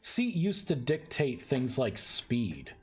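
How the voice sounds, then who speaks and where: A man streaming live as he codes a game mod, thinking aloud in a halting way and often repeating words. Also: medium pitch, wildly swooping pitch, husky, soft background music. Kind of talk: live-stream coding commentary.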